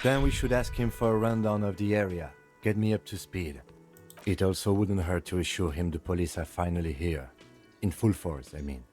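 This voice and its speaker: An actor playing a calm, reserved police lieutenant in a detective game, polite and businesslike. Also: male voice, deep voice, moderate pace, soft background music, natural voice. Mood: composed. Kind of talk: scripted game dialogue.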